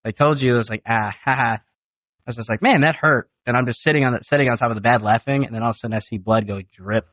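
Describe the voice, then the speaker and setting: Young adult son guest, animated storyteller, casual swearing, dry mic. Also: male voice, mid-range voice, racing, dry recording. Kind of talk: casual family podcast chat.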